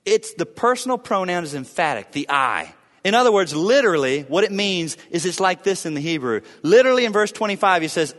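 Dramatic preacher man, high lively voice. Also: fairly quick, long reverb tail. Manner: dramatic preaching, swinging from booming emphasis to hushed lows. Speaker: pastor. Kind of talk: sermon.

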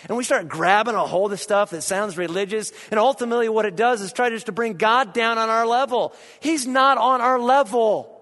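High-voiced man preaching with shouts. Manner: animated preacher, bursts into shouts. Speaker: pastor. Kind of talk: sermon. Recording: long hall reverb.

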